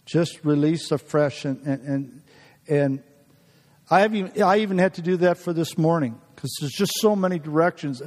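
A middle-aged man delivers a folksy sermon in a church, telling personal stories and chuckling between thoughts. His voice sits high for a man. The sound rings with a long reverb off the hall. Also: moderate pace, darkish tone. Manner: folksy, laughing often, many restarts. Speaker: guest preacher.

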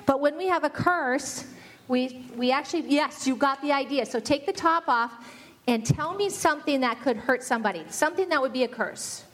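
Earnest high-voiced woman teaching families. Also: moderate pace, a bit bright. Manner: earnest, acts out quoted parents and kids. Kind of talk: family ministry talk.

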